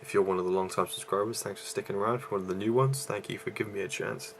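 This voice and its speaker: Casual male vlogger reviewing a film: low, gravelly, short of breath, rambling delivery. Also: fairly even intonation, very fast, slight background noise. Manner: rambling, with many fillers and restarts. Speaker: YouTube movie reviewer.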